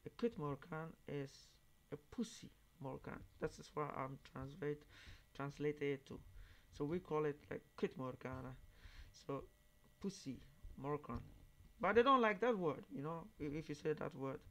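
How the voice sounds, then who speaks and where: Man, reaction host; halting, word-searching English, turns emphatic. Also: on the high side. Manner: halting, searching for words, then emphatic and raised when quoting others. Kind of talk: casual monologue commentary.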